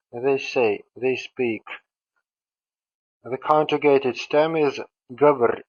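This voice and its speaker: A man's voice: mid-range voice, fairly bright tone, dull audio. A man teaching a grammar lesson, methodically saying each form and then its translation. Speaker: language teacher. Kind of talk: slow instructional explanation.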